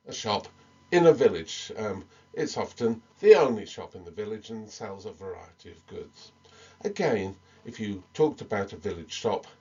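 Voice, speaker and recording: A man giving a recorded English lesson, talking slowly with many ums and small restarts. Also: fairly low pitch, darkish tone, breathy edge, muffled recording. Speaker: medical English teacher.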